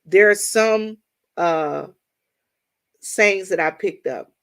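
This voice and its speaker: A woman's voice: medium pitch, slow pace, a bit bright. Woman livestream host, casual and talkative, storyteller with a mid-range voice. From Washington, D.C. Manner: chatty, storytelling, addresses viewers as y'all. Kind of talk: casual chat with viewers.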